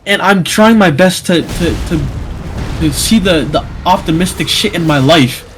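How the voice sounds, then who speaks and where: A man's voice: on the high side, a little slow, a little hiss or hum. A young man telling an emotional story in casual chat, rambling with many restarts and stammers.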